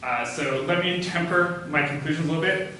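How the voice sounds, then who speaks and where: Male lecturer, hesitant delivery with frequent fillers, bright tone, picked up from afar in a very echoey room. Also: fairly high pitch, fairly quick, slight background noise. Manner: hesitant, many "uh" fillers, thinking aloud. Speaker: physics lecturer. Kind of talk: academic talk. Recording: echoey hall, voice from far off.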